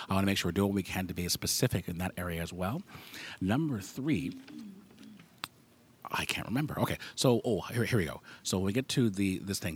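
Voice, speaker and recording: A man's voice: deep voice, fast, slightly rough. A man adjudicating a school band over a microphone, giving frank, specific feedback and singing rhythms aloud to show what he wants. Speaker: music festival adjudicator. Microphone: handheld microphone.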